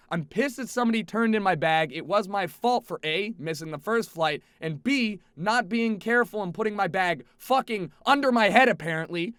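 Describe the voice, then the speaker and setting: A young man with a high, bright voice recounts a travel mishap, swearing freely and swinging from exasperated near-shouts to quiet grumbles. He sounds close on a headset, in a dry room with no echo. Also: smooth. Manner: animated, profane, swings from exasperated shouting to low mutters. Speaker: streamer telling a travel story. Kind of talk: casual storytelling to camera.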